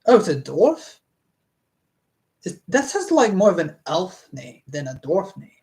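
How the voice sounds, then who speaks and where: A streamer reads a fantasy novel aloud to a live chat at an unhurried, drawn-out pace. The reading keeps breaking into hesitant, rambling tangents with restarts and trailing asides, in a casual, conversational tone. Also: medium pitch, big pitch swings, a little mellow.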